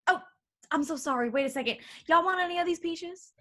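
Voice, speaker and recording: An actress playing a boisterous, drunk Southern woman from Georgia, loud and teasing, in a staged reading over a video call. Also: extremely high pitch, a little fast. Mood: tipsy, combative.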